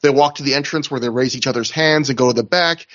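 A man's voice: mid-range voice, quick pace, a bit bright, lo-fi sound. A man hosting a podcast, recapping wrestling shows in a casual, chatty way with asides. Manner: chatty, recounting with asides and laughs. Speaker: podcast host.

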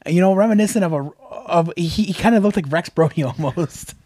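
A man's voice: sits high, a little fast, darkish tone. A man co-hosting a podcast, telling a story in casual chat, acting out the people he quotes and often laughing. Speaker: podcast co-host.

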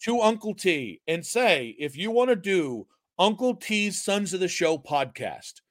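A young man co-hosting a casual sports podcast, joking and animated. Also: high-pitched, unhurried, dry recording, studio quality. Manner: joking, animated, puts on silly voices. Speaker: podcast co-host.

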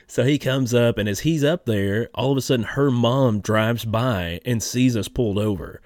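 A man's voice: mid-range voice, normal speed, few pauses, darkish tone, dry recording, clean studio sound. A man hosting a podcast, telling stories in a laid-back way and laughing often. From Kentucky. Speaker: podcast host. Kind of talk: casual podcast chat.

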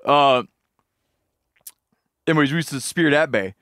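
A man's voice: a little high, measured pace, a bit bright, no room sound, studio quality. A man hosting a podcast, telling rambling fishing stories and laughing along in casual chat. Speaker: podcast host.

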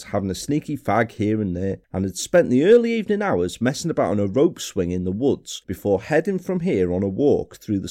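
A man narrates a true-crime podcast in a measured, somber manner. His voice is low-pitched and mellow. His pitch moves around a lot as he tells the story. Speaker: podcast host.

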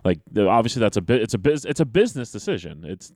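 A man with a very low voice talks in casual podcast chat, rambling and often restarting his sentences before landing on an emphatic point. The sound is dry and close, with no room around it. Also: big pitch swings, fast, a little mellow, no room sound. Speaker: wrestling podcast co-host.

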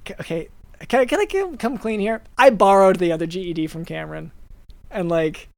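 A woman's voice: mid-range voice, animated, a little fast, vocal fry, a little mellow, no echo. A woman hosting a comedy podcast, often hesitating and restarting her sentences. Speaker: podcast host.

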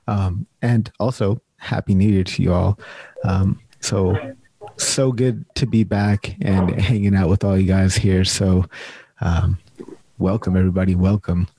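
A relaxed, chatty man hosting an online meetup from his video call. His voice sits low with a dark, slightly husky grain. The sound is dry and close. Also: dry recording. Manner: laid-back, chatty, says "man" often. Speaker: host. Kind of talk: casual chat.

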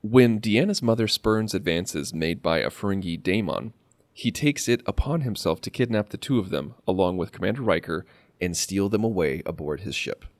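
A man's voice: low-pitched, animated, moderate pace, no room sound. A man co-hosting a podcast in casual chat, rambling with fillers and restarts. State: slight cough. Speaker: podcast co-host.

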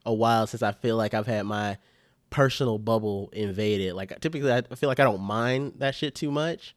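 Young dude on a podcast, lowish voice, slangy and chill, dry close mic. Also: male voice, fairly quick, no echo. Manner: laid-back slangy storyteller, swears freely. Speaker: podcast co-host. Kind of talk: casual chat, storytelling.

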